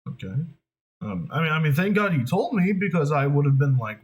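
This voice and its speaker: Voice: mid-range voice, big pitch swings, fairly quick, poor audio. A voice actor chatting casually to camera, rambling and restarting sentences while thinking aloud. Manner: rambling, hesitant, with many restarts.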